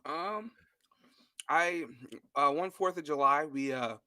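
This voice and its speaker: Young male guest, laid-back and easygoing, bright tone, dry close mic. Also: fairly high pitch, slow pace, no echo. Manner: relaxed, laid-back, short replies. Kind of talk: casual chat.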